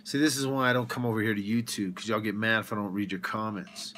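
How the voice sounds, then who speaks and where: A man hosting a livestream, ranting with rhetorical questions in an animated way. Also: lowish voice, fast talker, slight background noise. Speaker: livestream host.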